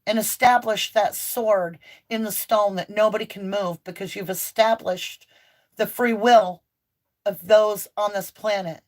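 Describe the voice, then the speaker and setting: A woman's voice: mid-range voice, steady tone, a little slow. A woman giving an impassioned, preachy tarot reading full of emphatic declarations. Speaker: tarot reader. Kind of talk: spiritual tarot reading monologue.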